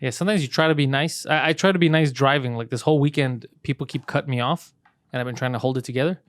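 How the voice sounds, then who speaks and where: A man's voice: medium pitch, fast talker, no room sound. A man hosting a comedy podcast, ranting with heavy swearing and heated storytelling in a casual, comedic way.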